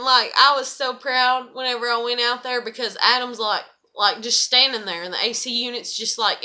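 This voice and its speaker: Rambling, cursing woman, bright voice. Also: fairly high pitch. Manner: swears constantly, loose and rambling. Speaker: vlogger. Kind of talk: rambling casual vlog chat.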